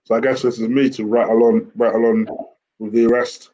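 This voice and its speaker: A man calmly giving his views in a football chat, pausing often with ums. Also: medium pitch, muffled recording. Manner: calm, measured, hesitant with ums. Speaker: football podcast co-host.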